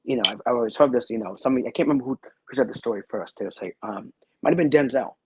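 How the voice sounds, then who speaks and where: A man's voice: medium pitch, very fast, breathy edge, dry recording, poor audio. A man who is a guest on a talk show, telling a personal story in a rambling, earnest way and repeating his phrases.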